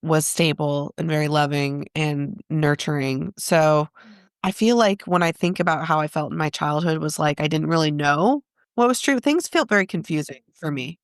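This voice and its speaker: A woman's voice: low-pitched, normal speed, clean tone, no echo, studio quality. A woman guest in an interview, a therapist, talking in a reflective, self-questioning way and laughing often. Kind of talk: casual interview conversation.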